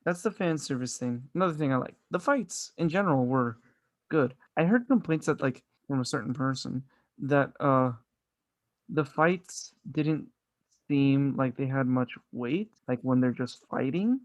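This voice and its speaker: A man's voice: medium pitch, unhurried, dry recording. A man chatting casually as a podcast co-host, enthusiastic and rambling, swearing often. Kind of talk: casual movie review chat.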